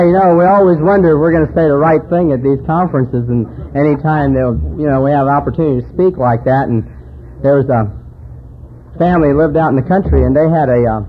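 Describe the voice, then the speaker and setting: A man's voice: a little high, fast, a little hiss or hum. A man speaking at a recovery conference, telling folksy jokes and stories to an audience in a hall. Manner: folksy joke-telling storyteller. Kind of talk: recovery meeting talk with jokes. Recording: tinny phone-like hall recording.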